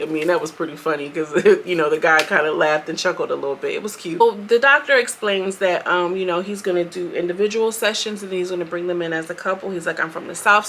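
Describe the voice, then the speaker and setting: A young adult woman giving a chatty, animated recap, acting out quotes in quick bursts. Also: lowish voice, slight background noise. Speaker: show reviewer. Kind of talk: casual recap commentary.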